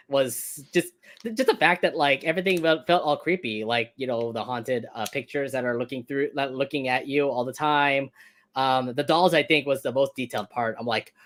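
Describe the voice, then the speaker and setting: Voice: mid-range voice, fairly bright tone. A co-host of a fan stream, rambling through a casual cartoon episode review and putting questions to the other host.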